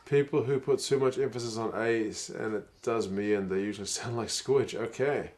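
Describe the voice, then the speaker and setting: A man casually chatting on a live stream, reading viewer comments aloud and reacting to a rugby match, with frequent chuckles and bursts of excitement at big plays. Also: on the low side, moderate pace.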